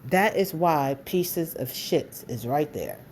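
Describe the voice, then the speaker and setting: Heated woman ranting, mellow voice. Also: low-pitched, very animated, slow pace, slight background noise. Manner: blunt, heated, profane, repeats insults. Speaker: vlogger. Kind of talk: angry direct-to-camera rant.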